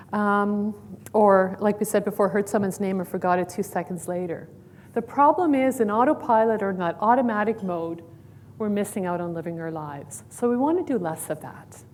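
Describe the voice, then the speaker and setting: A woman counsellor leading a mindfulness exercise at a conference, giving calm, slow guided instructions with light humor. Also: mid-range voice, a little hiss or hum. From Canada. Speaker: clinical counsellor. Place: conference room.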